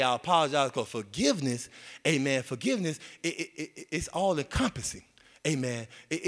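A man's voice: mid-range voice, a bit bright. A man preaching a sermon in a folksy, repetitive way, with many amens and restarts. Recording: long hall reverb.

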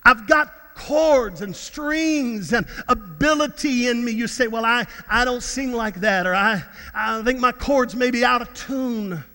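Fervent high-voiced male pastor. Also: a little slow, hardly any pauses, sharp tone, in a large hall. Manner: fervent, repeats words, breaks into song. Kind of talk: sermon.

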